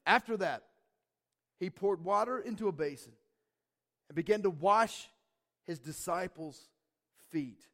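High-voiced man preaching emphatically and calling out to the congregation, echoey church hall. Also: unhurried, long pauses, fairly bright tone. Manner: emphatic, call-and-response with the congregation. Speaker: pastor. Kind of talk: sermon.

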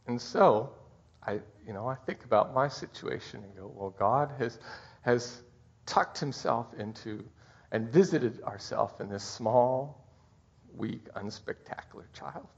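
A middle-aged man preaching a Christmas sermon as pastor, heartfelt and halting, his voice catching with emotion. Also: mid-range voice, gravelly, husky. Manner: heartfelt, halting, tearful at times. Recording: dull muffled recording.

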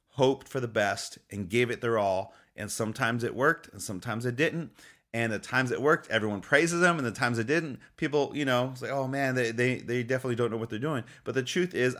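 A man's voice: medium pitch, fairly bright tone. A man delivers a motivational faith talk in a mid-range voice. He speaks in an upbeat, encouraging tone, repeats his key phrases for emphasis and often chuckles as he goes.

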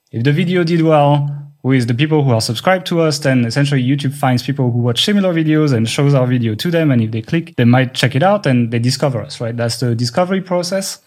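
A man with a French accent, whose first language is French, co-hosting a podcast and explaining things in casual chat, thinking aloud with restarts. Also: on the high side. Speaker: podcast co-host.

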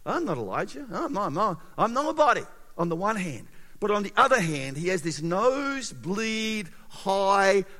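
A male preacher delivers a sermon in a high, bright, ringing voice. He is animated, punching some words hard and dropping others to a near hush. A long reverb trails his voice through a large hall. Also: normal speed. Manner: animated, swings between loud emphasis and quiet intimacy. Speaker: pastor.

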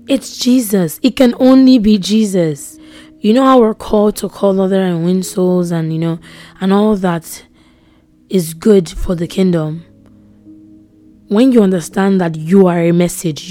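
A young woman hosting a devotional podcast, talking earnestly and repeating phrases, sometimes dropping to a whisper for emphasis. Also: medium pitch. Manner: earnest, repetitive, drops to soft whispers for emphasis. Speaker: podcast host.

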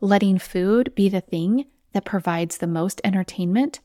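A woman's voice: medium pitch, normal speed, warm tone, no echo, clean studio sound. A woman hosting a solo podcast as a weight loss coach, talking in an encouraging, conversational way and sometimes acting out inner voices.

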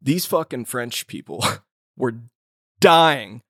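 A man talking casually on a podcast, his voice sitting at an ordinary middle pitch. He rambles in loose, unpolished sentences packed with filler words and a swear here and there. The sound is close and dry, with almost no room around it. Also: animated, takes it slowly, fairly bright tone, no room sound. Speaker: podcast co-host. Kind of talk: casual chat.

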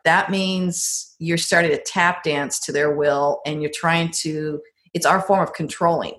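A middle-aged woman in a casual advice conversation, telling personal stories and acting out quoted lines with lively jumps in pitch. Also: measured pace, few pauses. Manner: animated storyteller, acts out quotes with big pitch jumps.

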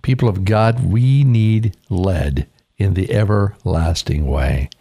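A man's voice: sits low, takes it slowly, creaky, mellow, slightly rough. An older man in his sixties, a pastor from Idaho, gives a radio devotional. His talk is folksy and rambling, and he stops to correct himself mid-thought. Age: 60s.

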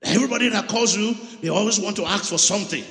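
A man preaching a sermon in a church hall, animated and calling out to his congregation. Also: high voice, quick pace. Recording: echoey hall with long reverb.

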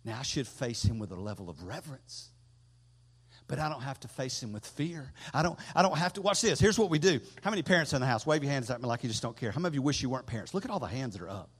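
A middle-aged man preaching a sermon as pastor, swelling loud and high, then dropping low. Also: lively intonation, fast talker, husky. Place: church sanctuary. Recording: long echo from a big hall.

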